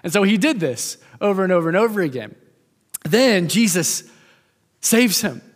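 Man preaching in a reverberant hall. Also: sits high. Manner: lively storytelling, shifts from fast to slow, emphatic. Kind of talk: sermon storytelling.

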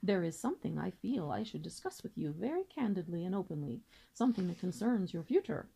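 A woman's voice: on the low side, big pitch swings, brisk, creaky, warm tone, breathy edge, exaggerated voice. A woman reading aloud and voicing a pompous, long-winded male father swan who lectures formally.

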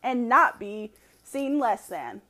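A woman's voice: fairly high pitch, very animated, takes it slowly, pushed and bright. A woman giving a casual opinion monologue, emphatic and profane, laughing often as she talks. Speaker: commentator.

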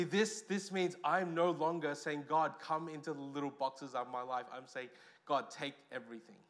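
Australische predikant met wat hogere stem. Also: male voice, a little high, moderate pace, hardly any pauses. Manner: lively preaching, swings between loud emphasis and quiet asides. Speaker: pastor. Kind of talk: sermon.

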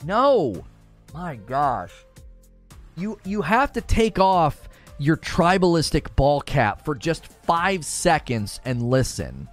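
A fairly high-voiced male streamer delivers heated gaming commentary. His pitch swings widely as he argues, turning sarcastic and mocking. Soft music plays faintly behind him. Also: slow pace. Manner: animated, sarcastic, mocks viewers in put-on voices.

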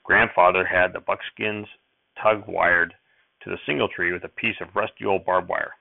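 A man narrating a first-person audiobook chapter in steady storytelling, recorded with tinny phone-like sound. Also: sits low, normal speed, creaky, no echo.

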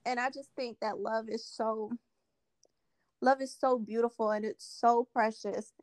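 A woman's voice: on the high side, fairly even intonation, measured pace, no echo. A woman hosting a podcast conversation, talking earnestly and repeating her key points for emphasis. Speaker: podcast host.

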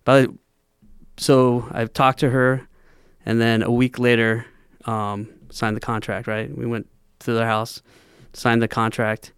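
A man speaking as a podcast guest, retelling his first deal in a steady, plain way. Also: medium pitch, slow, pauses often, clean tone, dry recording, studio quality. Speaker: guest, real estate entrepreneur. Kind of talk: casual podcast interview.

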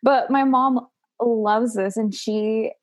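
A young woman in casual chat, telling a story in a giggly, animated way. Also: a little high, takes it slowly, over a noisy crowd.

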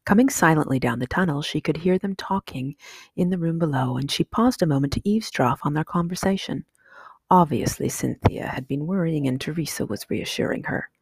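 Woman narrating a kids' book, husky and lowish, dry close sound. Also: brisk, dry recording. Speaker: audiobook reader. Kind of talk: storybook narration.

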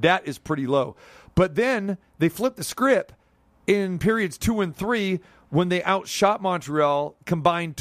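A man's voice: on the high side, no room sound. A man hosting a sports radio show, chatting casually, joking and rambling about hockey. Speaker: radio sports talk host.

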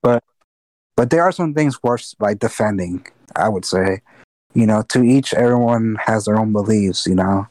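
A man's voice: lowish voice, moderate pace, darkish tone, no echo. Podcast co-host, man, casual and rambling, swears a lot, dry close mic. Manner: rambling, loses his train of thought, swears freely. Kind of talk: casual chat.

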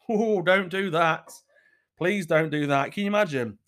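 A man's voice: on the high side, expressive, normal speed, fairly bright tone. A man hosting a comic podcast, reading letters aloud with sweary, laughing asides. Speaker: podcast host.

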